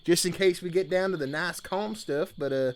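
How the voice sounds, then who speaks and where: This man's voice sits high and moves at a moderate pace as he streams live from a home room with a blanket-draped backdrop. He chats casually with viewers in a folksy camp-counselor persona, full of drawled "y'all"s.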